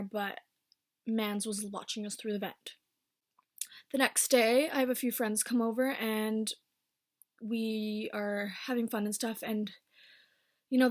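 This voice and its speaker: A woman in her twenties telling a casual storytime, blunt and swearing freely, with quick bursts between slower stretches. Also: on the high side. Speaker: vlogger.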